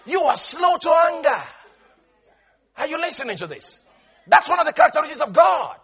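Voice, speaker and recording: Preaching in a very high voice edged with vocal fry, this male pastor delivers an animated sermon. He stretches words slowly to stress them and breaks into laughter.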